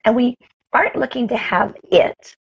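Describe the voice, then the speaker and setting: A woman's voice: a little high, normal speed, creaky, breathy edge, dull audio. A woman talking straight to her camera in a casual live morning chat, upbeat and chatty, greeting viewers by name. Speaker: motivational vlogger. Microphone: camera mic, talking straight to camera.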